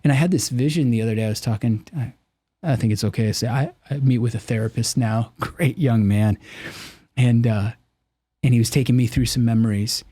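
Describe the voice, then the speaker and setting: A man's voice: mid-range voice, fairly quick, warm tone, no echo. A middle-aged man speaking earnestly and with animation as a podcast guest, telling personal stories and acting out the voices he quotes. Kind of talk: candid personal storytelling.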